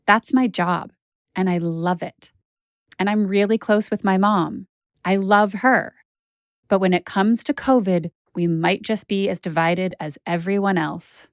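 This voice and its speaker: A woman's voice: mid-range voice, a little slow, dry recording, studio quality. A woman journalist hosting a podcast, narrating her own story in a candid, conversational way with casual fillers.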